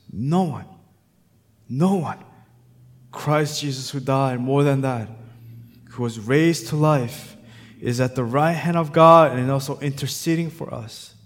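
A man preaching a sermon as pastor. He moves between hushed, reflective passages and loud, fervent, repetitive exhortation. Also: mid-range voice. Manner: emphatic repetition.

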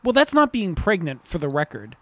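A male podcast co-host chiming in with dry, sarcastic quips about the show. His voice sits slightly high and sounds close and dead, with no room around it. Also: big pitch swings, brisk, fairly bright tone, no echo. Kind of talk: casual chat.

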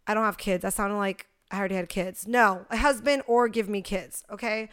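A woman's voice: mid-range voice, steady tone, fairly quick, fairly bright tone, clear, resonant tone. A young woman co-hosting a podcast, talking in a blunt, profane and jokey way. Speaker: podcast co-host. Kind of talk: casual chat.

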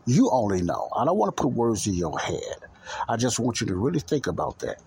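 A man's voice: medium pitch, big pitch swings, fairly quick, gravelly, darkish tone, a little hiss or hum. A man hosting a Christian talk show, talking earnestly and repetitively straight to his listeners. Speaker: podcast host.

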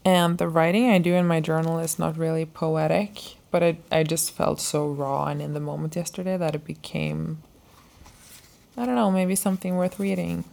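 A woman podcast host reading her personal journal letters aloud in a soft, intimate, heartfelt way. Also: low-pitched, steady tone, normal speed, creaky.

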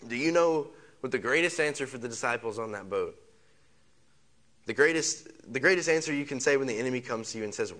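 A man's voice: mid-range voice, animated, brisk, a bit bright. A man preaching a sermon. He repeats phrases, piles up rhetorical questions and leads the congregation in saying lines back. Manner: leads the congregation in call-and-response. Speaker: pastor.

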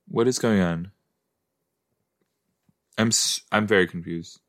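A man hosts a laid-back watch-along podcast, reacting to a TV episode by chatting, exclaiming at the screen and answering the characters, with playful musing asides. His voice is low with a fairly bright tone, and he takes it slowly.

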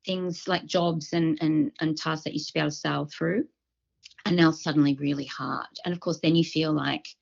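A woman co-hosting a health podcast, explaining symptoms from her clinical work in a relaxed chat and acting out what patients say. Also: low-pitched, normal speed, gravelly, husky, highs cut off. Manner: explanatory, acts out patients' quotes. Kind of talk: casual chat.

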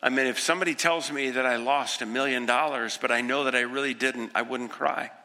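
Gravelly man in his sixties preaching. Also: mid-range voice, fairly even intonation, brisk. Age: 60s. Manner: earnest, swings from hushed to impassioned. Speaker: pastor. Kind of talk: sermon. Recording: echoey hall with long reverb.

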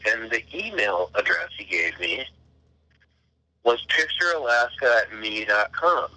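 Bright-voiced man telling a story. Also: lowish voice, very animated, measured pace, no echo, poor audio. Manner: profane, retells dialogue in quoted voices. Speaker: caller recounting a phone call. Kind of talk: casual storytelling.

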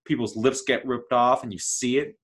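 A man's voice: mid-range voice, steady tone, normal speed, husky. A man chatting casually as he reviews a TV series, rambling and enthusiastic, with lots of fillers. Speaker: TV show reviewer.

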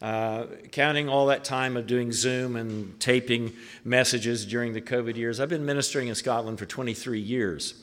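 A man's voice: medium pitch, steady tone, normal speed, few pauses, fairly bright tone. A man preaching a sermon in a church, chatty and often using filler words. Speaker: pastor. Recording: echoey hall.

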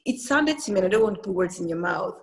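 A woman hosting a podcast who asks probing, engaged questions. She talks quickly, in a casual way, with a mid-range voice. Her background is in law. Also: mid-range voice, animated. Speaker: podcast host, former lawyer. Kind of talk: conversational interview.

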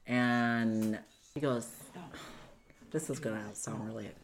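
A woman recounting a painful personal story in an interview, speaking earnestly and haltingly. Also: a bass voice, steady tone, a crowd in the background. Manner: earnest, halting, with frequent fillers and restarts. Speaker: guest recounting domestic abuse.

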